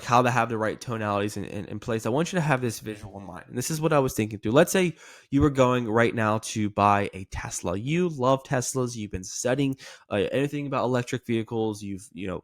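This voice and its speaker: A man teaching insurance sales in an energetic coaching style, checking in with "okay" as he goes. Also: mid-range voice, no echo, clean studio sound. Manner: energetic, repeating "okay" often. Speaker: sales trainer. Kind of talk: coaching lesson to camera.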